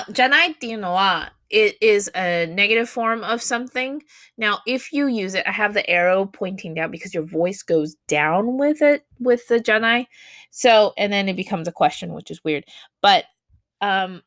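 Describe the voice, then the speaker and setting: A woman teaching a Japanese grammar lesson in English, explaining patterns and acting out sample phrases. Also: dry recording. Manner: explanatory, acts out sample Japanese phrases with lively pitch swings.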